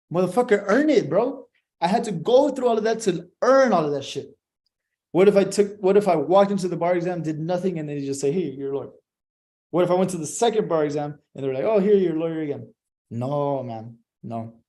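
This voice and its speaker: A man's voice: on the high side, warm tone. A young man giving a profane, emphatic motivational monologue, swearing constantly.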